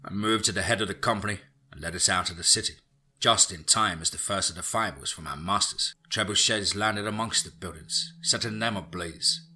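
A man narrating a first-person fantasy story for a podcast in a steady, unhurried reading. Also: low-pitched.

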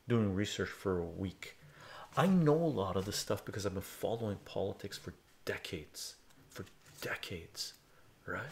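A man's voice: lowish voice, creaky. A man giving a blunt, profane, heated rant in a casual live stream, talking to his chat.

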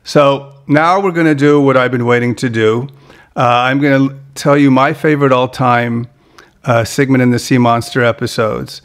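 A man hosting a podcast interview, chatty and halting, with many fillers and restarts. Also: medium pitch, steady tone. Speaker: podcast host. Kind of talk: casual interview chat.

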